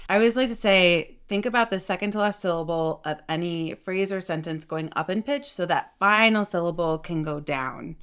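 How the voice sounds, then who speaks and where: Clear-voiced woman voice coach. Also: lowish voice, a bit bright. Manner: clear, deliberate coaching delivery. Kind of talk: short instructional talk.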